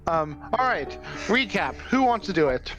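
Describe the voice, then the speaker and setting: A man chatting casually and telling a lively work story, laughing often and acting out what others said. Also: sits high, moderate pace, dull audio, music in the background. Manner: animated, laughs often, acts out quoted voices.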